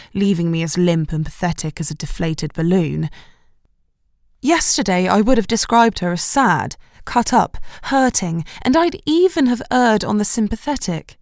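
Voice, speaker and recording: Gravelly-voiced woman narrating. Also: lowish voice, no echo, studio quality. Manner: wry, expressive storytelling. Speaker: audiobook narrator. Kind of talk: first-person scripted narration.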